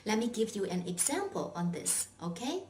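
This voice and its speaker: A woman's voice: mid-range voice, sing-song, moderate pace, a little mellow, far from the mic. A woman teaching a language lesson, patient and encouraging, asking questions and praising the learner. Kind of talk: slow, clear language lesson with drills. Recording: echoey room, voice set back from mic, faint noise.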